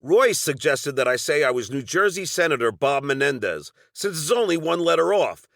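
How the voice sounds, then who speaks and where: A man's voice: a little high, sing-song, normal speed, creaky, a bit bright, dry recording, clean studio sound. A middle-aged man with a Long Island accent narrating a personal story from a script, with wry, sardonic asides.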